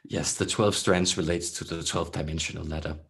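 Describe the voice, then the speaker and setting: A throaty, very low voice of a serene alien collective, as a man channels it, speaking as "we". The delivery is slow and solemn, with long pauses between phrases. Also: fairly even intonation, vocal fry, a bit bright, heavily acted. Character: collective alien consciousness speaking as a group, calm and benevolent. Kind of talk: channeled spiritual message.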